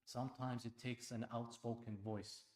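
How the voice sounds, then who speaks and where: A man preaching a sermon at an Islamic center, impassioned, dropping to a hush and then rising loud, firing rhetorical questions at the congregation. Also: mid-range voice, level tone, normal speed. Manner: impassioned, swings between hushed and loud; asks the audience pointed rhetorical questions. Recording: echoey hall.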